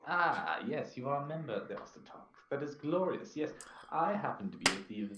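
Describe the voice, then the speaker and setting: A man playing a grandiose thief and former pirate captain who talks in a formal, flowery way with many pauses. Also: mid-range voice, big pitch swings, very noisy, lightly acted. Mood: smooth, courteous. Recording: echoey, dull lo-fi room sound.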